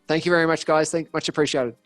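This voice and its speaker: An Australian man, a business coach appearing as a podcast guest, talks casually in a fairly high voice at a quick pace. He tells stories with lots of energy and acts out the voices of the people he quotes in this interview. The recording is dry, with soft music in the background.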